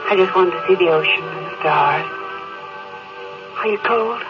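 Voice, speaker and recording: An actor playing a wistful young man on a beach at night, gentle and soft-spoken. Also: sits high, moderate pace, lightly acted. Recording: dull old radio recording with music bed.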